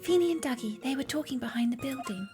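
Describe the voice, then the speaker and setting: A woman voicing a sweet, soft-spoken young woman witness, in a gentle posh voice. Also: sits high, animated, fast talker, soft background music. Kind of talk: live-stream game dub.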